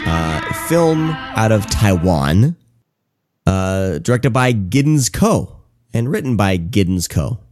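A man hosting a podcast in a casual chat, talking quickly and running his words together. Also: on the low side, very animated, darkish tone, faint music behind. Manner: talks fast, runs words together. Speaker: podcast host.

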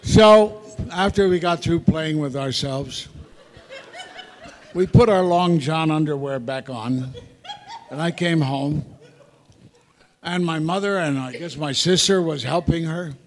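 A man's voice: a little high, a little slow, pauses often. An older man telling rambling anecdotes with wry asides to a live audience as a guest speaker. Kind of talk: storytelling Q&A before an audience. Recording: echoey hall, live audience talk.

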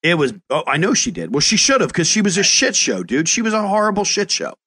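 A man hosting a podcast as a chef. He talks casually in an animated, profane way and often stumbles into restarts as he tells stories. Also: high-pitched, quick pace, breathy edge. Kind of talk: casual chat.

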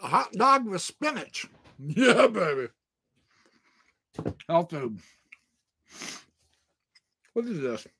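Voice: medium pitch, very animated, drawn-out words, pauses often, breathy edge. A livestream host chatting playfully with viewers while talking through a mouthful of food. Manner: playful, greets viewers by name, exclaims loudly. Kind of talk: casual live-stream chat.

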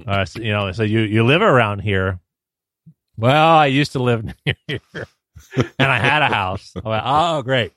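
A man's voice: mid-range voice, expressive, moderate pace, a bit bright, dry recording, clean studio sound. A man co-hosting a podcast, telling a story in casual chat with stammering restarts and laughs. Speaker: podcast co-host.

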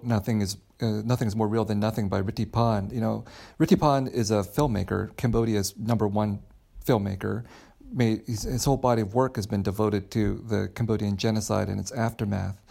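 A man's voice: lowish voice, brisk, vocal fry, darkish tone. A man answering interview questions about his book in a thoughtful, rambling way, often repeating words as he thinks. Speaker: author, interview guest.

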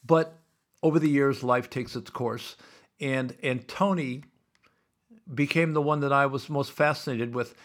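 A man's voice: mid-range voice, fairly even intonation, a little slow. A man, hosting a podcast as a rambling solo monologue full of wry asides and digressions. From Iowa, USA. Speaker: podcast host.

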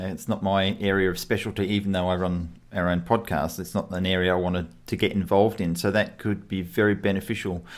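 An Australian man hosting a podcast, chatting casually over a call, laughing often and filling gaps with ums. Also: low-pitched. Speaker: podcast host. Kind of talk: casual interview over Skype. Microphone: remote call recording.

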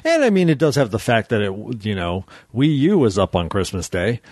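Lively low-voiced man co-hosting a chat. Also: no room sound, studio quality. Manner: lively, laughs easily, quick agreeing replies. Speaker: podcast co-host. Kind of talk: casual tech news chat.

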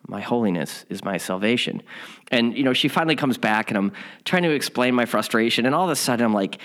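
A man's voice: mid-range voice, quick pace, fairly bright tone. A man teaching a spiritual lesson, telling a candid story in a rambling, self-mocking way before reading the day's lesson.

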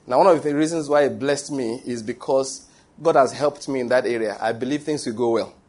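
A man preaching a sermon, from Nigeria. He reads scripture slowly and stresses key words, and chuckles as he tells stories to the congregation. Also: mid-range voice, a little mellow, breathy edge. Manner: slow, emphatic reading with stressed words; chuckles while telling stories. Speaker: pastor. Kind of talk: sermon with Bible reading.

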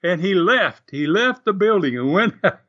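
An older man, a former wrestler telling animated stories in an interview and laughing often. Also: high-pitched, normal speed, lo-fi sound. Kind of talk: storytelling interview.

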